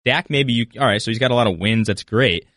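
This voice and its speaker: A man's voice: mid-range voice, fast talker, a bit bright, no echo, studio quality. Argumentative male radio co-host. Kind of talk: sports talk radio.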